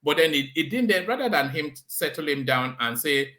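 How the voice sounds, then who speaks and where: Bright Yoruba-accented Nigerian host. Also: male voice, a little high, animated, moderate pace. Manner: laughs often, stammering restarts. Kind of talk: casual chat.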